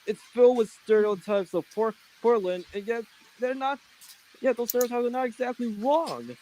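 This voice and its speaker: A man from California chatting on a stream panel, halting with many restarts. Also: very high-pitched, lively intonation, mellow, a little hiss or hum, poor audio. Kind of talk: casual podcast chat.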